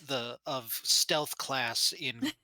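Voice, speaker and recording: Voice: mid-range voice, drawn-out words, sharp tone, a little hiss or hum. A player in a tabletop game who makes wry, joking remarks. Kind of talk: casual chat in a tabletop game.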